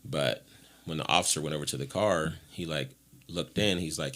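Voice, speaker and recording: A man's voice: very deep voice, moderate pace, a bit bright. A man from Ohio telling his life story as a podcast guest, frank and rambling, acting out what others said to him. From Ohio, USA. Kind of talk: candid personal storytelling.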